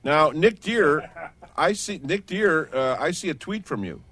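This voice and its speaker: A man's voice: a little high, expressive, measured pace, a bit bright, husky. A man hosting a sports radio show, bantering loosely, joking and cutting in on his co-hosts. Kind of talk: casual sports radio talk. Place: radio studio. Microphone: studio microphone.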